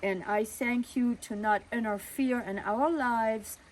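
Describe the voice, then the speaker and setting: Lady doing a fed-up dad standing his ground, high-ish and firm. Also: steady tone, slow pace, rough recording. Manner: firm, rising to angry protest. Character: indignant middle-aged father defending a friend.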